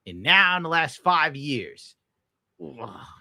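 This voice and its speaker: A young man with a bright, forceful voice rants bitterly and swears constantly as he comments on a stream. The sound is dry and close, with no room around it. He talks in a casual, sour way. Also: a little high, sing-song, takes it slowly, dry recording. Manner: bitter, crude, heavy swearing. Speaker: streamer reacting to clips.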